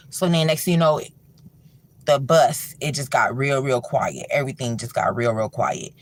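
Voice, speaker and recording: A livestream host telling a horror story in loose, colloquial talk, full of fillers, dropping low and soft for suspense. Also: normal speed, slight background noise. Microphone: livestream mic.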